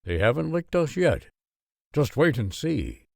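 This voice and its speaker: A man's voice: a little high, very animated, measured pace, creaky, a little mellow, no echo, clean studio sound, pitched above the performer's own voice, exaggerated voice. A man voicing a middle-aged father who speaks earnestly and with emphasis. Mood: stirred. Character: middle-aged Dutch father, a man, warm then alarmed.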